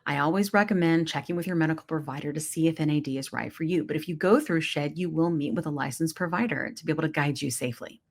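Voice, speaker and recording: A woman hosting a casual podcast chat, upbeat and talkative, with frequent ums. Her voice sits a little low for a woman. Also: fast talker, few pauses. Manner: upbeat, chatty, with filler ums. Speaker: podcast host.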